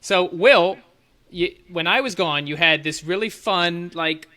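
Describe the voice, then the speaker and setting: A young man hosts a casual podcast and jokes around with friends, wandering off topic and laughing easily. His voice is bright and sits a little high. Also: a little slow. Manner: jokey, rambling, laughs often. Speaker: podcast host.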